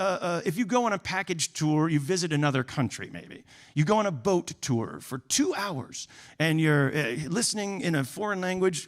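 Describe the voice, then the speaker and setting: American man, comedian on stage, high bright voice, sarcastic. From United States. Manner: dry, sarcastic quips. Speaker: comedian co-host. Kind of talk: stand-up political comedy double act. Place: theater stage.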